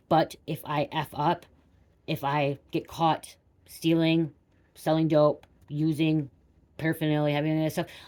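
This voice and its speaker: Woman, tarot reader, low pitch, quick, rambling, lots of "like". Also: a little mellow. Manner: rambling, repeats herself, many "like"s. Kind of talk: casual personal storytelling to viewers.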